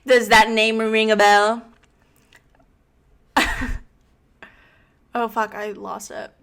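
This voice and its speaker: A young woman with a high, bright-pitched voice chats casually on a livestream. She tells animated stories, swears freely and fills her sentences with "like." Her delivery is loose and unscripted. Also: extremely slow. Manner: swears often, animated storytelling with many "like" fillers. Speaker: influencer livestream host.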